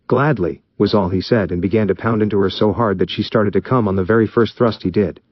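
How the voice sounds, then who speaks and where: Low-voiced man reading a story. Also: steady tone, fast, dry recording, lo-fi sound. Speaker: story reader. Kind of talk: reading fan fiction aloud.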